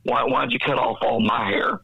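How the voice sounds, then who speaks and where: A man's voice: mid-range voice, steady tone, normal speed, gravelly, sharp tone, husky, dry recording, dull audio. A Texan man in his fifties, a nonprofit executive director, earnestly telling his life story in a podcast interview. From Dallas, Texas. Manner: earnest, reflective storyteller who acts out past dialogue.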